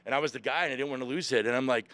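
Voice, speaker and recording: A man's voice: mid-range voice, very fast, dry recording. Man retelling a boot camp story. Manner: animated retelling, acting out shouted orders. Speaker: podcast guest, Marine veteran. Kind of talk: emotional storytelling. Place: museum.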